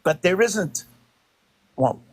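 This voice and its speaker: A man speaking in a measured, conversational way during a podcast discussion. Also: high-pitched, expressive, dry recording.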